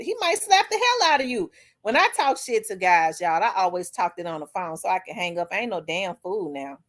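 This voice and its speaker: A middle-aged woman, hosting a vlog and telling a story in a blunt, profane, animated way. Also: fairly low pitch, fairly quick. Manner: blunt, profane, animated, acts out quoted people. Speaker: vlog host. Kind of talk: candid storytelling monologue.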